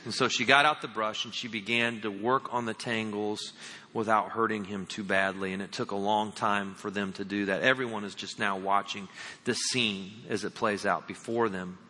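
A male preacher with a very bright, sharp voice, telling a sermon story in an earnest tone and talking straight to his listeners. His voice carries a long reverb, as in a big sanctuary hall. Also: fairly low pitch, fairly even intonation, normal speed. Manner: earnest, direct address to listeners. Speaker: pastor.

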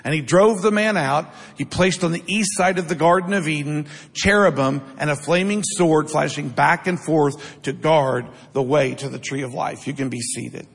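A man's voice: fairly high pitch, normal speed, vocal fry, hardly any pauses, breathy edge. A man preaching a sermon to a congregation, reading scripture and telling stories with rhetorical questions. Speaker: pastor. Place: church sanctuary. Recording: long hall reverb.

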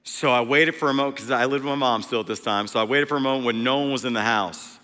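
A male preacher delivering a sermon, emphatic, swinging between loud and hushed delivery. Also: medium pitch, fast, in a large hall.

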